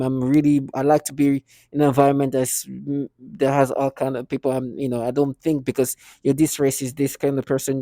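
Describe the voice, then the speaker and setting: A man with a gravelly, low-toned voice talks straight to camera, rambling and circling back with many false starts. The sound is close and dry. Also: mellow, no echo. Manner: rambling, halting, with many restarts and quoted asides. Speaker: vlogger. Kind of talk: casual monologue to camera.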